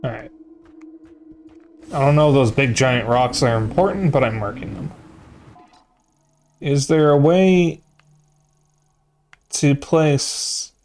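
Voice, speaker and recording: A man's voice: medium pitch, expressive, takes it slowly, pauses often, darkish tone, faint music behind. A sleepy man streaming a video game, rambling and muttering to himself with frequent restarts. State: sleepy, yawning. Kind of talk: casual gaming commentary.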